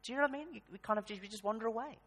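A man's voice: sits high, very fast, a bit bright, long reverb tail. A man preaching a sermon, talking conversationally and building to emphatic bursts. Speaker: pastor. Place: church hall.

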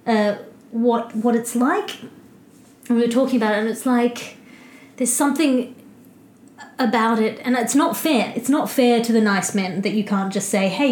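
Woman, reflective conversational co-host type; slightly high, roomy echo. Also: a little hiss or hum. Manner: thoughtful, reasons through ideas with analogies. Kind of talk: casual podcast chat.

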